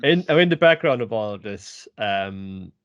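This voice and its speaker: A man's voice: fairly low pitch, expressive, moderate pace, smooth, no echo, highs cut off. A man co-hosting a podcast in casual chat, rambling, trailing off mid-thought and swearing casually. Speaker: podcast co-host.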